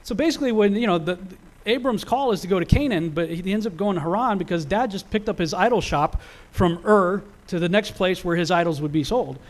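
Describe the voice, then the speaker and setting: Conversational man with a higher voice. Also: brisk. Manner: conversational, many fillers and restarts. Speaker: Bible teacher. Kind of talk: casual teaching presentation.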